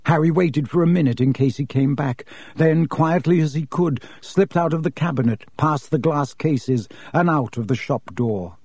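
Mellow-voiced male audiobook narrator. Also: a little high, normal speed, husky, dry recording.

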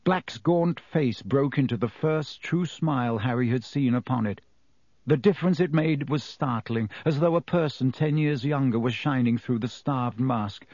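Steady male audiobook narrator. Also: mid-range voice, dry recording. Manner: measured, steady storytelling. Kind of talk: scripted narration.

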